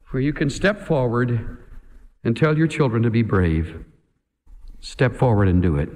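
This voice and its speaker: A man's voice: a little high, a little mellow. A man preaching a sermon in an emphatic way, pressing his point with rhetorical questions. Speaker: pastor. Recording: echoey hall reverb.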